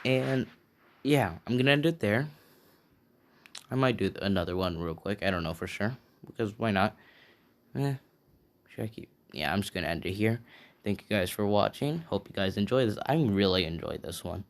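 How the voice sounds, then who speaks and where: A man's voice: on the low side, animated, normal speed, pauses often. A man improvising a fan-made story, rambling casually with many fillers and restarts. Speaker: channel host telling a fan story.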